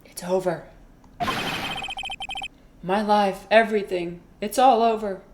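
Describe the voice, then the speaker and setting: A woman voicing a distraught young man in a game, loud and over the top in his despair. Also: mid-range voice, fairly even intonation, takes it slowly, heavy background noise, close to an everyday voice.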